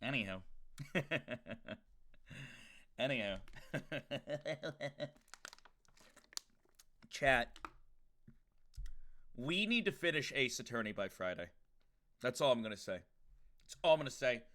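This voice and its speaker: A man's voice: mid-range voice, sing-song, normal speed, pauses often, fairly bright tone. A young man streaming, chatting casually and profanely with his viewers, joking loosely between rambles. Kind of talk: casual livestream chat to viewers.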